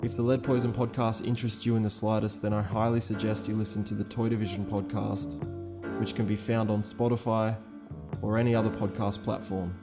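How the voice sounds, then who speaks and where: An Australian man with a lowish voice reads a podcast introduction. His delivery is flat and measured, with clear guitar music playing under him. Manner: measured, evenly read. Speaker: podcast host. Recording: music bed behind the voice.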